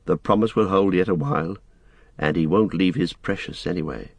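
A man voicing a weary, gentle young male hobbit leader who speaks softly and with earnest resignation. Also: low-pitched, normal speed, vocal fry, husky, no echo, exaggerated voice. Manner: soft-spoken and resigned, warmly earnest. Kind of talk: audiobook character voice.

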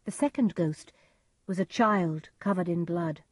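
Calm woman reading a story aloud, slow and husky, dry sound. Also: fairly low pitch, no room sound. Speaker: narrator. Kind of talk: storybook narration.

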